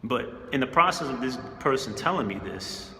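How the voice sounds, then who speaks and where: A man's voice: mid-range voice, lively intonation, moderate pace, bright, forceful tone, reverberant, in a large hall. A man casually telling a personal story in a laid-back, slangy way, chuckling often. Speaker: spiritual channel host.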